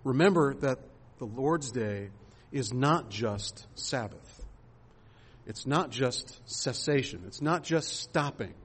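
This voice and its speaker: Husky-voiced man preaching conversationally. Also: medium pitch, animated, slow. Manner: conversational preaching with rhetorical questions and fillers. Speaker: pastor. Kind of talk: sermon.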